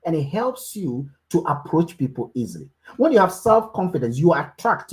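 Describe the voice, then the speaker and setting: Leading her network marketing team's group call, a woman gives a preachy motivational talk, repeating key phrases for emphasis. She sounds low-pitched and darkish, very animated, at a moderate pace.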